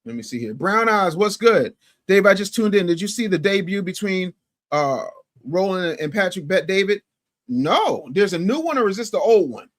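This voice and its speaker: Male streamer, chat-reading commentary, pitched a little high, emphatic, repeats himself, volume swings. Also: moderate pace. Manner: animated, swings from loud to low and muttered; emphatic, repeats phrases for effect. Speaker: livestream host.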